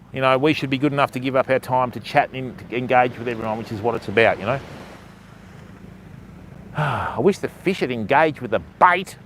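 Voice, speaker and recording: With a little hiss or hum in the recording, this Australian host runs a live fishing stream from the beach and chats casually with viewers like mates. His voice is medium in pitch and a bit bright.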